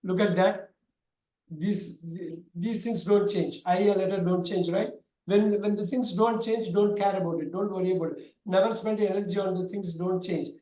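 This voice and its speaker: A man teaching an online grammar class, talking loudly and repeating himself with many fillers. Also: sits high, steady tone, moderate pace. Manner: loud, repetitive explaining with many fillers. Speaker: English teacher. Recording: echoey room.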